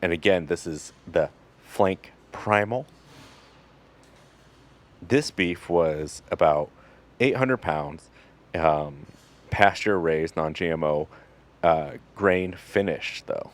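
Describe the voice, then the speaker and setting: A man with a very low voice talks through his butchering in an easygoing, instructional way. He keeps it loose and jokey, with plenty of fillers. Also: takes it slowly, pauses often. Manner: relaxed and joking, with fillers. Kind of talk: casual instructional narration.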